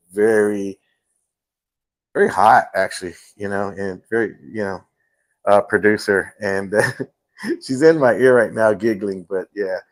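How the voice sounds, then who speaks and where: A man hosting a casual livestream from home, telling stories with many fillers. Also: fairly low pitch. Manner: rambling storyteller, many fillers. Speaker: host.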